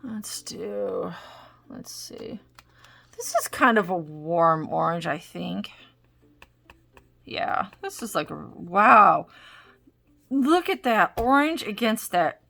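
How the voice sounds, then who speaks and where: Slow, chatty woman demoing art supplies. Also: mid-range voice, animated, gravelly, pushed and bright. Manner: chatty, rambling, self-interrupting. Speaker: art supplies video host. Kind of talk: casual crafting demo talk. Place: home craft desk.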